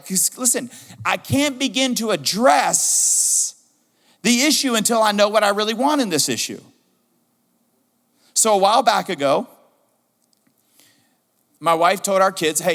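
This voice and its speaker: A middle-aged man preaching a sermon as pastor, animated and repeating his key questions for emphasis. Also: high voice. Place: church sanctuary. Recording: reverberant church hall.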